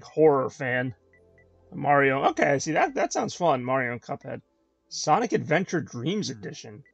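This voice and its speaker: A man's voice: mid-range voice, vocal fry, no room sound, dull audio. A man hosting a gaming video, giving casual, wry let's-play commentary and talking to his viewers. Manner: chatty, wry, addresses viewers.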